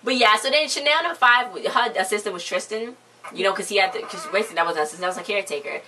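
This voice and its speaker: A woman's voice: medium pitch, very fast, sharp tone, recorded from a distance. A woman co-hosting a casual chat, retelling a TV episode in a rambling way, with lots of "so then she was like". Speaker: show co-host.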